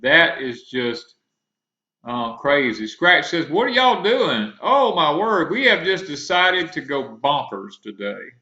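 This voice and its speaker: A man's voice: a little high, big pitch swings, slow, sharp tone, highs cut off. Drawling Southern man in an echoey room. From southern United States. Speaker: homestead channel co-host. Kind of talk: casual livestream chat.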